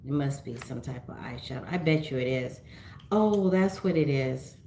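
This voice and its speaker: A woman's voice: extremely low pitch, normal speed, warm tone, reverberant, slight background noise. A middle-aged woman from California hosting a casual livestream on her phone, chatting and reading viewer comments aloud with frequent laughs. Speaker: livestream host.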